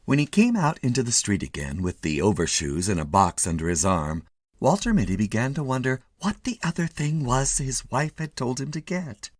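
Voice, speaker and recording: A man narrating a classic short story with an expressive, animated reading. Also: mid-range voice, moderate pace, dry recording. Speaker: story reader.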